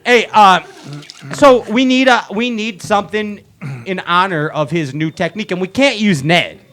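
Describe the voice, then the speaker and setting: A man's voice: high-pitched, moderate pace, a bit bright. A man hosting a live show from a bar, joking with guests and announcing like a hype man. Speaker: show host. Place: bar venue with live audience.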